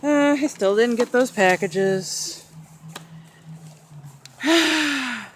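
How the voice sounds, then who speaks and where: A vlogger walks a rainy street outdoors with a handheld camera, chatting to her parrot in a sing-song pet voice. Her fairly high voice is animated with drawn-out words, and there's a little hiss or hum.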